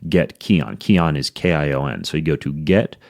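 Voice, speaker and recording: Very deep-voiced American podcast host. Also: male voice, lively intonation, moderate pace, creaky, no room sound, clean studio sound. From United States. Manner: upbeat, rambling with fillers. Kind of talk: podcast intro and sponsor read. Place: home studio.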